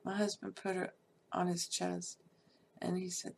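A woman's voice: on the low side, completely flat delivery, unhurried, gravelly, long pauses, a little hiss or hum. A middle-aged woman, candidly telling a personal life story in a casual, salty way, full of fillers.

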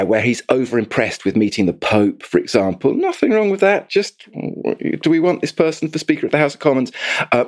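A male author being interviewed, explaining history in an animated, thoughtful way with frequent restarts. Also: mid-range voice. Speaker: author and guest. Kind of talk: conversational interview.

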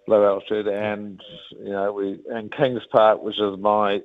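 A man in his fifties from New Zealand with a New Zealand accent, telling rugby stories as an interview guest in a rambling, animated way. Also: fairly low pitch, measured pace. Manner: rambling, animated, many restarts. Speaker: guest, former rugby captain. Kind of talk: casual interview storytelling. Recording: tinny phone-like line.

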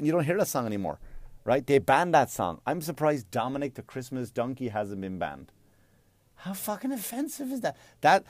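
A man doing a stand-up comedy routine, profane and rambling, with loud mocking outbursts. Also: mid-range voice, no room sound. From Ireland.

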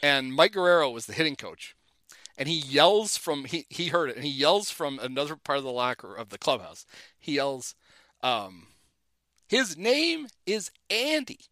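A middle-aged man spins anecdotes in a relaxed chat, his bright voice rising and falling in a lively way. He slips into quick impressions of the people in his stories. The sound is dry and close. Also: mid-range voice, no echo. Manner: animated anecdotes, acts out quotes. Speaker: guest telling stories. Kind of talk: casual storytelling chat.

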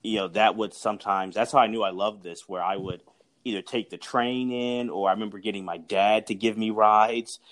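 Male host, low voice, casual, halting, self-deprecating. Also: fairly even intonation, fairly bright tone. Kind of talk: casual conversation.

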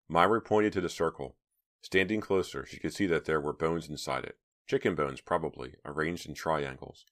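A man narrating an audiobook in an even, measured storytelling manner. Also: rumbling low.

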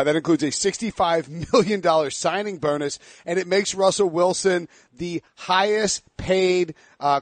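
A man with a high voice hosts a casual sports podcast. He talks quickly and jokes around. The room sounds dry and close. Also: no room sound. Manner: quick, joking, laughs often. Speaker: podcast host.

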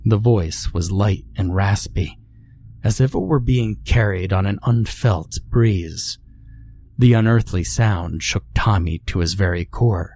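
A man narrating a scripted horror story in a slow, measured, brooding way. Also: deep voice, a little mellow, a little hiss or hum.

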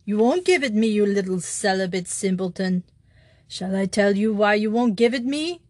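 A woman voicing a tall male thief disguised as a priest, who speaks low and grave and turns mocking. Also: slow, mellow, no room sound.

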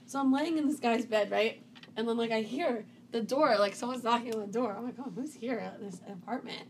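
A woman's voice: on the high side, brisk, slight background noise. A young woman co-hosting a podcast, telling stories in casual chat and acting out quotes with energy. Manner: animated storytelling, acts out quotes. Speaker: podcast co-host.

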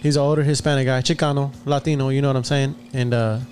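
A man's voice: medium pitch, steady tone, fast, a little mellow. A man co-hosting a podcast, telling a rambling story in casual chat, laughing a lot and restarting his sentences. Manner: rambling, laughs often, many fillers and restarts. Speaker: podcast co-host.

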